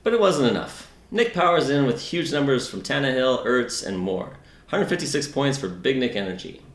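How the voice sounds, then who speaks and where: A man reads out league results in the manner of a mock news anchor, his delivery dry and sardonic. His voice sits at a middling pitch, and it carries a noticeable room echo. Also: animated, normal speed. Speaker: news-style fantasy league co-host. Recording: roomy echo.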